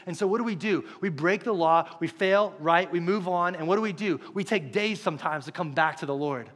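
A male pastor preaching a sermon to his church, stressing points by repeating them and swinging between hushed and loud. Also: fairly high pitch, a little fast, hardly any pauses. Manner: emphatic, repeats key phrases, shifts between hushed and loud. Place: church service.

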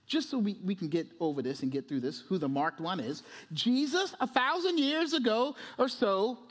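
A man's voice: high voice, lively intonation, normal speed, a bit bright. A man pastor preaching a sermon in a church service, emphatic and conversational, who repeats phrases and keeps asking "right?".

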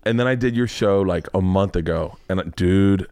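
A man hosting a podcast, telling stories in a casual, animated way, with loud excited impressions and lots of swearing. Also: low-pitched, normal speed, clean tone, no echo. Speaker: podcast host. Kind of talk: casual storytelling chat.

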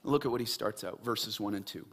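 A man preaching a sermon as pastor, animated, swinging between raised emphasis and quiet, earnest stretches. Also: on the low side, brisk, breathy edge.

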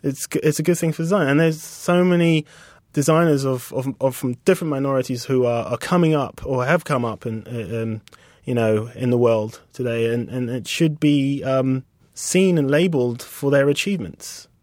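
A man's voice: mid-range voice, steady tone, a little mellow, no room sound. British man talking things through, dry sound. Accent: British English. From England. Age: 30s. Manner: reflective, halting with many restarts and fillers. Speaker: guest designer. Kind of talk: casual interview conversation.

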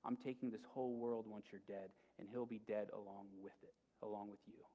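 A man's voice: mid-range voice, normal speed, darkish tone, natural voice. A man voicing an evil female witch who threatens and gloats, with echo from a church hall. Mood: gloating. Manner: menacing, threatening.

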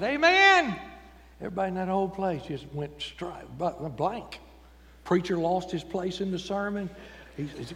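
A man's voice: a little high, darkish tone, slight background noise. A man preaching a folksy, emphatic sermon in a church. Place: church sanctuary. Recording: long church reverb.

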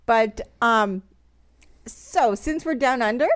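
A woman with a fairly high voice chats easily as she recaps a TV show. She giggles a lot and tells it with animated energy. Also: slow pace. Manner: giggly, chatty, animated storytelling. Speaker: podcast co-host. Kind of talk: casual chat recapping a TV show.

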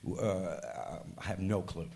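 Low-voiced American male panelist, self-deprecating, halting. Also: dark tone. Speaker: panel guest. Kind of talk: panel discussion.

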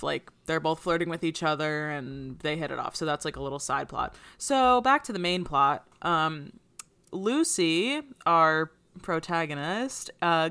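A woman's voice: low voice, fairly bright tone. A young woman co-hosting a podcast, casually recapping a movie plot with many fillers. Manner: rambling, filler-heavy retelling. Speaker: podcast co-host.

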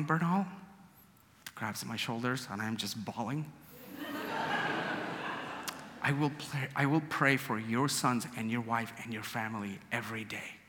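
A man from Guatemala telling a personal story to an audience, emotional and animated, acting out the dialogue. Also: medium pitch, noisy background. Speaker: storyteller guest. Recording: long hall reverb.

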